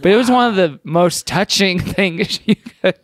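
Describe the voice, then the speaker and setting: A man hosting a podcast in casual chat, jokey and animated, with quick asides. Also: high voice. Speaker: podcast host.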